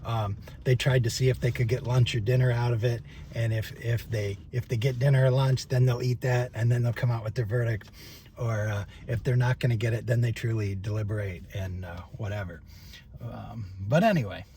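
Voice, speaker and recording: Older man, vlogger, rambling chat, salty language, chuckles, ordinary pitch. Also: steady tone, fairly quick, warm tone, slight background noise. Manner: rambling, chatty and profane, with frequent fillers and chuckles. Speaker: vlogger, former trial attorney. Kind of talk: casual rambling monologue.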